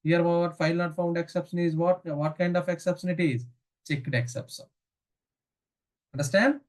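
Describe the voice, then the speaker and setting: A man with an Indian English accent leads a live online coding lesson over a video call. His voice sits a little high. He keeps asking his students questions and then answers them himself. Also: steady tone, moderate pace, darkish tone. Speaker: programming instructor.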